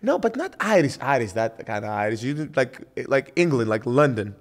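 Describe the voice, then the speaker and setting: A man hosting a podcast, chatting casually with lively, stammering restarts. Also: mid-range voice, a little fast. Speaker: podcast host.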